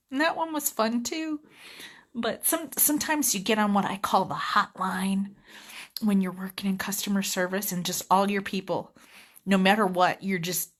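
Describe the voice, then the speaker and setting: A woman's voice: mid-range voice, fairly bright tone. A woman giving a chatty, rambling vlog rant about her customer service job. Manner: chatty, rambling, easily sidetracked. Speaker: vlogger, customer service rep.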